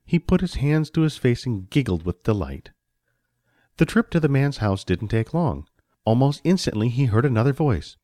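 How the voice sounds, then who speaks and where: Expressive male storyteller, dry recording. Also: mid-range voice, normal speed, dry recording. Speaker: narrator. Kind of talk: reading a children's story aloud.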